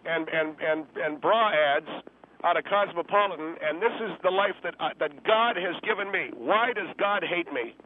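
Host doing Larry Grover, whiny phone caller. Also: male voice, a little high, moderate pace, pitched above the performer's own voice, close to an everyday voice. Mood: self-pitying. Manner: whiny, defensive, preachy. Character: indignant, self-pitying divorced conservative man. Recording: tinny phone line, faint hiss.

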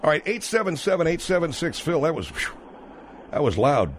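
Male talk-radio host; animated, exasperated, faint noise behind. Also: a little high, fairly quick. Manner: incredulous, exasperated questioning. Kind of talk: comedic radio talk show.

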